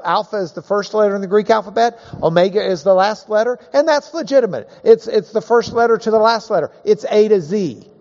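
A man's voice: very high-pitched, a little mellow. A man teaching a Bible class in a folksy, joking way, leaning hard on key words. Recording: dull, echoey hall recording.

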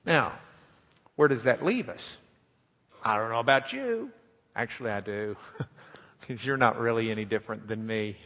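A man preaching a sermon in a folksy, animated, joking way in a church sanctuary. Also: medium pitch, moderate pace, pauses often, long reverb tail.

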